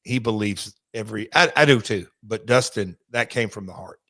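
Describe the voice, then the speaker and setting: A man co-hosting a podcast, telling a story casually with halting restarts. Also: on the low side, sharp tone, no room sound. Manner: rambling, halting with fillers and restarts. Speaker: podcast co-host, former wrestler.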